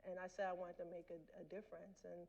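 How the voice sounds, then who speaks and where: A woman's voice: lowish voice, level tone, quick pace, vocal fry, darkish tone, muffled recording. A woman in her forties giving a candid personal storytelling talk as a guest lecturer, speaking straight to the audience. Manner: candid, addresses the audience directly. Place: lecture hall.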